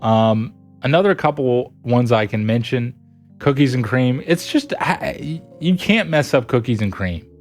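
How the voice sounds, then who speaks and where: A man's voice: medium pitch, a little slow, soft background music. A young adult man streaming, chatting casually with viewers, giggling a lot. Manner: giggly, laughs a lot, animated. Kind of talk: casual chat reading viewer messages.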